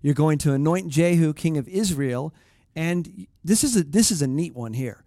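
A man's voice: on the high side, expressive, moderate pace, mellow, dry recording, clean studio sound. A middle-aged man preaching a conversational sermon, reflective and plain, often restarting his phrases. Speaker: pastor.

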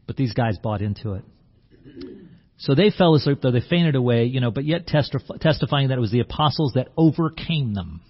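A man's voice: medium pitch, expressive, brisk, slightly rough, dull audio. A man preaching a sermon in a conversational way, acting out the scene and often restarting his words. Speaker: pastor.

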